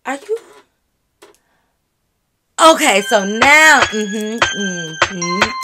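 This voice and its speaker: A woman vlogger telling a story straight to her viewers in an animated, profane, casual way. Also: fairly high pitch, moderate pace, very noisy.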